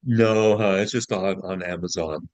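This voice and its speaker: Deep-voiced man in his sixties, folksy. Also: steady tone, measured pace, darkish tone, dry recording, lo-fi sound. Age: 60s. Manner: folksy storyteller, self-deprecating humor, stumbles and restarts. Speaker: guest author. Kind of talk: casual interview chat.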